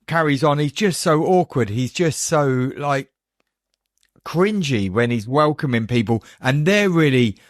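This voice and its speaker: A man's voice: on the high side, expressive, unhurried, no room sound, studio quality. A man co-hosting a podcast, rambling and chuckling in casual chat. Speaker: podcast co-host. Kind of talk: casual film review chat.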